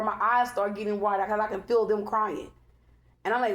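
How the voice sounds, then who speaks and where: A woman talks through a tarot reading in a loose, preachy way. She repeats herself for emphasis and keeps checking in with "okay?". Her voice sits at an ordinary middle pitch. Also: a little fast. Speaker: tarot reader. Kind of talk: casual spiritual tarot reading.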